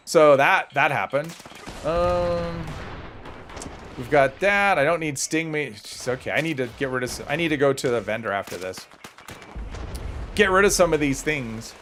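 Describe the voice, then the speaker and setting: Chatty man streaming a game, higher voice. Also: animated, moderate pace, long pauses, a bit bright, slight background noise. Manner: chatty, rambling, self-deprecating, answers viewer comments. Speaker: gaming livestreamer. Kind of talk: casual livestream commentary while playing.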